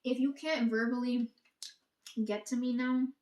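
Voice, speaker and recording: A woman talks straight to the camera in a loose, profane rant, quoting herself and others as she goes. Her voice sits a little high, and the room around her rings with echo. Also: steady tone, measured pace, darkish tone. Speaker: vlogger. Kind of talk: casual monologue. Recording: echoey room.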